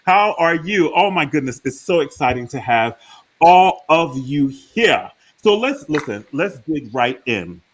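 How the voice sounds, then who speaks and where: A man hosting a live online talk show, introducing guests with effusive, theatrical warmth. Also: mid-range voice, sing-song, unhurried. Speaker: host.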